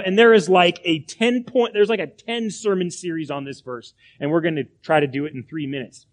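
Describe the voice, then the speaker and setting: A man's voice: a little high, fairly quick, few pauses. A man preaching a sermon from the pulpit, emphatic, with repeated phrases and rhetorical questions. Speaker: pastor.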